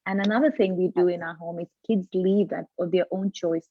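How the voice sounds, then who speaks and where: A woman's voice: fairly low pitch, fairly even intonation, a little fast, phone-quality sound, a little hiss or hum. A woman in her forties, a parenting coach, explaining earnestly in a casual live video chat, often restarting her sentences. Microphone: video call.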